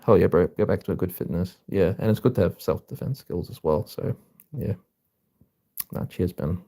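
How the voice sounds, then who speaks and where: Gravelly streamer guy. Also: deep voice, normal speed. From Australia. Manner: relaxed, with many filler ums. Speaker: live streamer. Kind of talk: casual live-stream chat.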